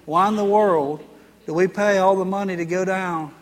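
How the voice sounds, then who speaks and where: A man's voice: sits high, steady tone, moderate pace, long reverb tail. A male pastor preaching a sermon in a folksy, chatty storytelling way, full of asides.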